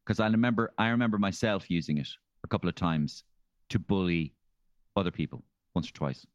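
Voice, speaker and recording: An Irish man as a comedian guest, telling animated stories in a casual chat and slipping into impressions. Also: low voice, fairly quick, no echo, lo-fi sound. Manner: animated storyteller, slips into impressions.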